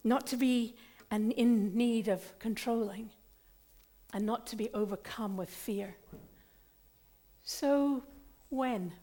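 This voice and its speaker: A woman pastor preaching a sermon in an earnest, deliberate and emphatic way. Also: a little high, dark tone.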